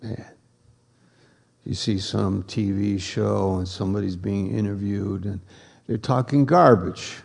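A man preaching a sermon, slow and emphatic, repeating key words for effect. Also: fairly low pitch, steady tone, gravelly, darkish tone.

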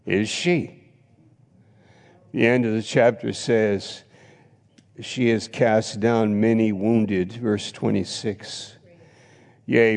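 Male pastor, gravelly, preaching emphatically in a reverberant church hall. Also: fairly low pitch. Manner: emphatic preaching with sudden loud rises and repetition. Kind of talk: sermon.

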